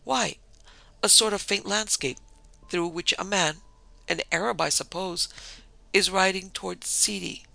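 A man reading an audiobook, voicing a lively, eager young French woman traveler. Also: high-pitched, measured pace, vocal fry, pauses often, no room sound, pitched above the performer's own voice, exaggerated voice. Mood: excited. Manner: eager, insistent. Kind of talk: audiobook character voice.

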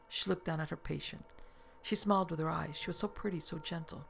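A storybook narration read in a measured, steady way. The voice is heavily gravelly and full of fry, at an ordinary middle pitch. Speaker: audiobook narrator. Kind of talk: scripted narration of a novel.

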